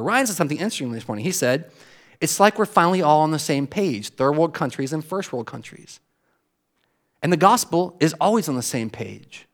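A middle-aged American man with an American accent preaching a sermon as pastor, telling stories in an animated way and repeating words as he builds a point. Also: on the high side.

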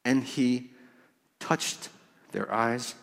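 A man preaching a sermon as pastor, emphatic and swinging from hushed words to loud ones. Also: mid-range voice, steady tone, very slow, vocal fry. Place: church. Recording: church hall reverb.

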